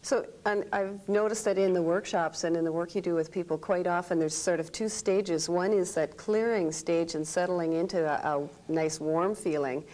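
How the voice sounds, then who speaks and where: A woman's voice: on the low side, fairly even intonation, moderate pace, hardly any pauses, darkish tone, poor audio. A woman interviewing a healing teacher, summing up her points and affirming them. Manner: supportive, summarizes the guest's points. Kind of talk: interview, brief affirmations and questions.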